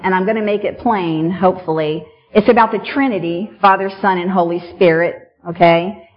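Woman preaching in a chatty, earnest way. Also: medium pitch. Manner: conversational, earnest, full of "you know" and "I mean" asides. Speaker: pastor. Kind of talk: sermon. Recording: slightly dull, lo-fi sound.

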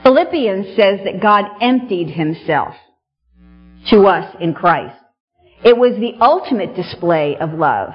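A woman's voice: mid-range voice, lively intonation, unhurried. Woman pastor, middle-aged, preaching with a chatty and earnest delivery. Recording is a bit dull. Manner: conversational, earnest, full of "you know" and "I mean" asides. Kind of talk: sermon. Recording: slightly dull, lo-fi sound.

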